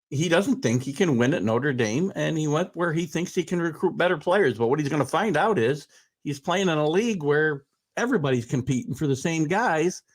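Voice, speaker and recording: A man hosting a casual sports talk show, chatting and pushing back on his guest. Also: fairly high pitch. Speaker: host.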